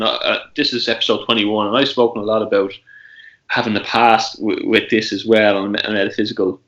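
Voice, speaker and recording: A man hosts a podcast interview, his voice sitting fairly low. He asks questions haltingly, restarting and filling gaps with "you know," and the audio comes through dull and lo-fi. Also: a bit bright. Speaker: podcast host.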